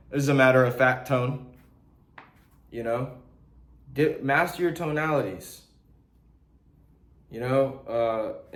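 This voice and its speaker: A young man coaching beginners in a blunt, animated, slangy way, acting out sales calls as he teaches. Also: fairly high pitch, measured pace, long pauses. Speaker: real estate wholesaling coach. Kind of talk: casual teaching talk to camera. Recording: echoey room.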